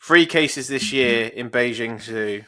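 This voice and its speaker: A man's voice: mid-range voice, slow, a bit bright, no echo, studio quality. A young man co-hosting a podcast, swearing, teasing and laughing as he talks. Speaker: podcast co-host. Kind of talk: casual chat.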